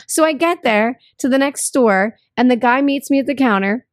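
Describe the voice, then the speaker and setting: A woman's voice: high-pitched, normal speed, a little hiss or hum. A young woman chatting casually as a podcast co-host, telling stories and acting out what other people said. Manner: chatty storyteller who acts out quoted dialogue. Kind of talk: casual chat.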